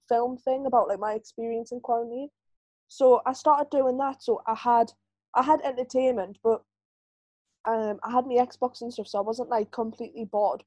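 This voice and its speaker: A woman's voice: on the high side, mellow, no echo, muffled recording. A woman, co-hosting a podcast and telling a long personal story in a candid, rambling way, full of "like" fillers. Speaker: podcast co-host. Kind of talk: casual chat.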